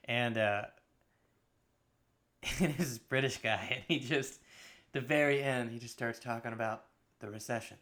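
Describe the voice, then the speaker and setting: A man in his late twenties talks through a long story in a loose, rambling way, full of fillers and the odd swear. His voice is bright and forceful, and the talk is a casual chat between friends. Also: medium pitch, unhurried, pauses often. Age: late 20s. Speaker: podcast co-host.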